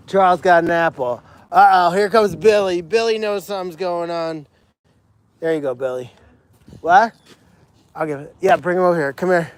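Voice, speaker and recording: An animal sanctuary caretaker hosts a casual livestream chat outdoors at the sanctuary. His voice is high, clear and resonant, and he talks at a moderate pace with frequent pauses. Chatty throughout, he greets viewers and calls the animals by name.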